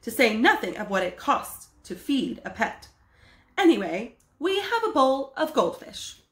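A woman reads aloud as a fussy, practical housewife from a storybook, scolding and exclaiming in a high, lively voice. The reading bounces around an echoey room. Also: a little slow.

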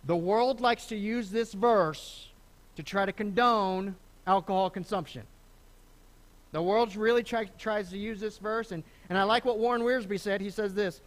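A middle-aged man preaching a sermon as pastor, conversational and animated, often restarting phrases and acting out the people he quotes. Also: high voice, measured pace. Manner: lively, conversational preaching with repeated starts and acted quotes. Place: church sanctuary.

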